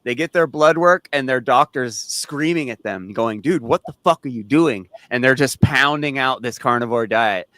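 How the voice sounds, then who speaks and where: A man hosts a casual podcast, his voice bright and forward. He rambles through animated stories, stumbling and restarting as he goes, with plenty of casual swearing. The sound is dry, with no room around it. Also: mid-range voice, moderate pace, hardly any pauses, dry recording. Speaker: podcast host.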